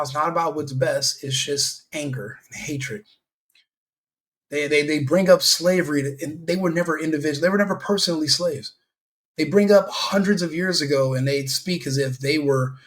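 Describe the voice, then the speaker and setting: Angry ranting man, fairly high voice. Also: a bit bright. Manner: heated, repetitive, scornful. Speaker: commentary video host. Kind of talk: angry opinion rant.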